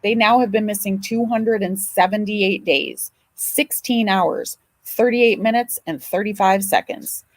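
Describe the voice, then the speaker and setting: Slow-talking emotional woman livestreamer. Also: medium pitch, dry recording, rough recording. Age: older. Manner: emotional, chatty, swears and apologizes. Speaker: livestream host. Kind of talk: casual livestream chat.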